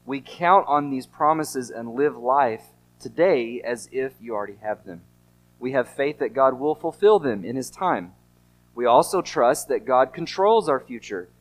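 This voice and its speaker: A man preaching a sermon as pastor, earnest and emphatic, often asking rhetorical questions. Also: mid-range voice.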